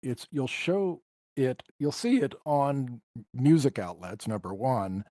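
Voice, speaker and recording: A man's voice: mid-range voice, lively intonation, measured pace, dark tone, no room sound. A man appears as a guest musician in a podcast interview. He tells personal stories in a reflective, emotional way. The recording is dry and close. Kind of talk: storytelling interview.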